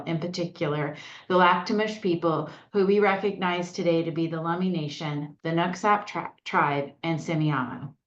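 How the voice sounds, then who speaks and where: A woman's voice: on the low side, slight background noise. A woman chairing a county task force meeting, opening it in a chatty, upbeat, self-deprecating way. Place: meeting room. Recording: echoey lo-fi meeting audio.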